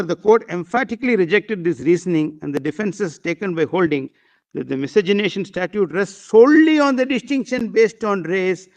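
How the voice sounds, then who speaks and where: A man arguing before a court bench, formally reading out passages and repeatedly saying "my lord", with hesitant fillers in a courtroom. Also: high voice. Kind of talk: courtroom argument.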